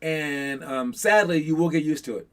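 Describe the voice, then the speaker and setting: A man's voice: fairly high pitch, normal speed, a bit bright. Man coaching a youth basketball team. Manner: loose and conversational, with many fillers and restarts; acts out quotes with sudden hype.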